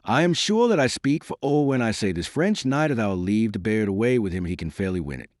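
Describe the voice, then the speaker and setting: A man's voice: fairly low pitch, animated, brisk, no room sound, clean studio sound, lightly acted. A man voicing a gallant knight who speaks with gracious formality.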